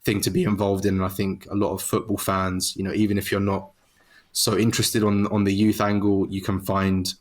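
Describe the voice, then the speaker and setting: A male podcast guest in casual, hesitant chat, his voice very low and flat, with little rise and fall. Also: a little fast. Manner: hesitant, many fillers and restarts.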